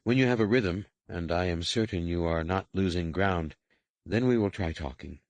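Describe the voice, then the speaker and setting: A man voicing a stern female alien overseer in an audiobook, speaking in clipped, measured commands. His tone is low and dry. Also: no echo. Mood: stern, instructing. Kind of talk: audiobook character reading.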